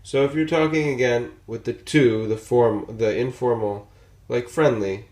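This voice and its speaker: A man's voice: medium pitch, steady tone, measured pace, a little mellow. A man teaching a language lesson at a whiteboard in a casual, patient way, repeating phrases and checking in with "okay?" and "right?". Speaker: Spanish teacher.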